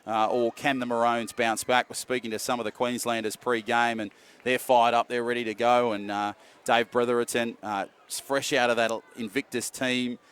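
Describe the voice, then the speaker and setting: A man calling a wheelchair rugby league match, naming players and building excitement as play unfolds. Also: medium pitch, moderate pace, smooth. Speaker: play-by-play commentator. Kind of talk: live sports commentary.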